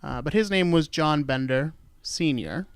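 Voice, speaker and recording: Unhurried and clear, this podcast host's fairly high, resonant voice comes through without echo. He chats about true crime loosely and jokingly, fixing his own slips as he narrates.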